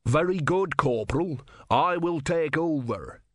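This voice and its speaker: A man's voice: on the high side, expressive, a little slow, no echo, studio quality, pitched above the performer's own voice. A man voicing a stern male army sergeant who speaks in a firm, clipped, commanding way.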